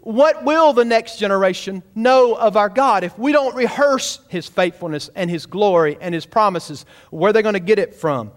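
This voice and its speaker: A man's voice: sits high, normal speed, hardly any pauses. A man preaching a sermon, emphatic and calling out to his congregation in a church. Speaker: pastor. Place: church sanctuary.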